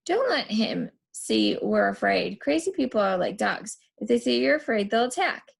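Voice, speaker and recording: A woman voicing a worried boy who speaks in a hushed, cautious way. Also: a little high, animated, normal speed, creaky, slightly rough, exaggerated voice. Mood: hushed worry. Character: worried boy whispering warnings.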